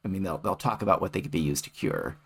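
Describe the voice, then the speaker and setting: Gravelly man explaining with dry wit. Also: low voice, animated, fast. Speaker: podcast co-host, literary scholar. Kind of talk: casual scholarly chat.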